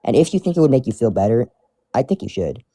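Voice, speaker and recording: A man's voice: medium pitch, expressive, quick pace, warm tone, husky, no echo. A man chatting casually while reading fan mail aloud, rambling and restarting his sentences. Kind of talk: casual chat.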